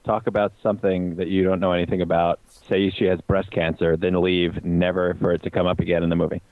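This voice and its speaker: A man's voice: low voice, level tone, quick pace, no room sound, phone-quality sound. A man hosting a casual podcast, laid-back and swearing freely while he talks about movies.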